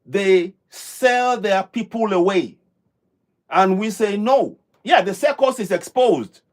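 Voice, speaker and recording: A man's voice: sits high, slow pace. A man from Africa hosting a live stream, commenting on a clip in a rambling way with many fillers and restarts. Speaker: livestream host.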